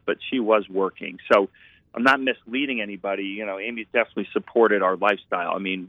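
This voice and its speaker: Speaking with a fairly low pitch and no echo, a man recounts his life as a painter and ex-architect. He rambles earnestly through the reflective tale over a tinny, telephone-quality sound.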